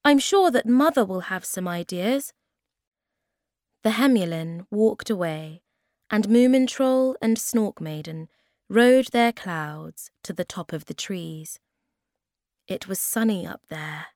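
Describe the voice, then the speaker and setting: A woman reads a children's story aloud, gentle and very unhurried. Her voice sits a little low, close to the mic in a dry space. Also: no echo. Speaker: storybook reader.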